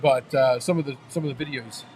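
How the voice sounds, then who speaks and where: A man's voice: mid-range voice, a little fast, darkish tone. Rambling, playful man hosting a podcast. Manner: rambling, playful, easily sidetracked. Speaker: podcast host. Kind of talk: casual live podcast chat.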